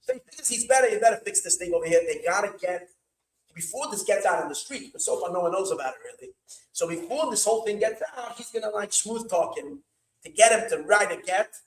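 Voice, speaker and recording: A man spins a story as a rabbi at an evening gathering, animated and full of repeats and Yiddish words. His voice runs high with wide swoops in pitch. The hall rings with echo. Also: fairly quick.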